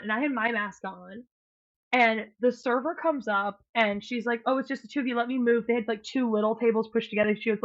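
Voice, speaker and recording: A woman co-hosting a podcast, telling a dating story in casual chat and acting out what people said. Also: a little high. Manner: animated storyteller, acts out quotes, swears. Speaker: podcast co-host. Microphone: podcast mic, remote call. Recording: muffled lo-fi sound.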